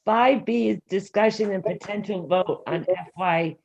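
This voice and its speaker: A woman who is the council president, chairing a meeting in a brisk, procedural way with frequent fillers. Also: medium pitch, creaky, darkish tone, slightly rough. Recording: lo-fi meeting audio.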